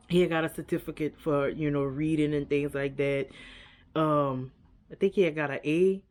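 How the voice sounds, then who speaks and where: In a low-pitched, darkish voice, a woman vlogger reacts casually and earnestly to a documentary. She repeats herself often and leans heavily on "like" and "you know."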